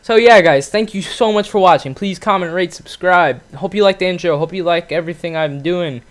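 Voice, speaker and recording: A teenage boy hosting his own gaming channel tells a story as a casual, profane rant packed with fillers. His voice sits high and he talks a little fast.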